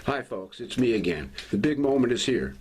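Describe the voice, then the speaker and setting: A man hosting a casual home video, chatting to viewers as folks and talking softly to his cat, filmed on a camera held by his wife. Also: medium pitch, sing-song, moderate pace, slight background noise. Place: at home, partly in sunlight.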